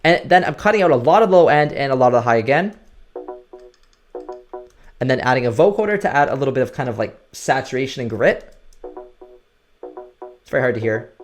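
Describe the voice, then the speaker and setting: A man's voice: medium pitch, lively intonation, fairly quick, pauses often. A man giving a casual, explanatory music production tutorial at his computer, often checking in with "right?". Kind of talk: screen-recorded production tutorial.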